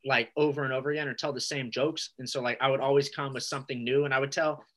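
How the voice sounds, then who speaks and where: A man who does stand-up tells a story in loose, relaxed chat. He leans on fillers and swears freely, with a voice that sits in an ordinary middle register. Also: medium pitch, quick pace, rough recording. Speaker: stand-up comedian. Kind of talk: casual chat.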